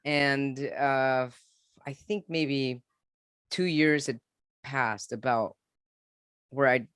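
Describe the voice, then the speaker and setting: Male guest in his forties, mid-pitched, earnest and halting as he tells his story, recorded dry. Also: fairly even intonation, a bit bright, smooth, no room sound. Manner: earnest, halting, with frequent restarts and repeats. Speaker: podcast guest. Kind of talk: candid personal storytelling in an interview.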